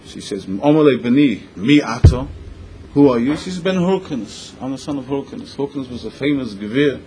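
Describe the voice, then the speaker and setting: A man teaching a Talmudic story in English, mixing Hebrew and Yiddish terms into his lively retelling. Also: mid-range voice, brisk, a little hiss or hum, low-quality recording. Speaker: Torah teacher.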